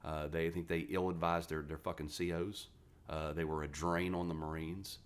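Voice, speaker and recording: Low-voiced West Virginia man, 40s, gruff profane raconteur, podcast guest. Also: moderate pace. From West Virginia, USA. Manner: blunt, profane, animated storyteller. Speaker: podcast guest, retired Marine. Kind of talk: casual interview storytelling.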